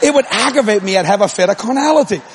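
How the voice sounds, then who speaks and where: Man, preacher, very high voice, lively swooping pitch, humorous storytelling sermon, blunt, folksy, laughing, mimics voices. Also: very fast, heavy background noise.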